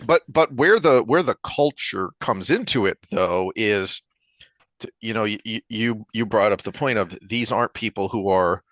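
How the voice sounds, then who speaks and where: A man's voice: lowish voice, moderate pace, no room sound. A man co-hosting a podcast, telling anecdotes in a casual opinionated chat and acting out the characters. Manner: animated storyteller, acts out joke characters. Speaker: podcast co-host.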